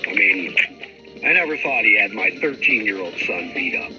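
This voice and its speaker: Man, middle-aged, low voice, frustrated rambling rant, profane, lo-fi stream audio, music behind. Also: very animated, normal speed. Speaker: livestream host. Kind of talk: casual livestream rant.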